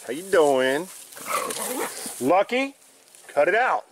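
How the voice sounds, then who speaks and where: A man with a high, very bright, forceful voice, ranting bluntly in a casual vlog full of swearing. He is recorded outdoors in a rural yard, with faint noise around him. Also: moderate pace. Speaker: vlogger.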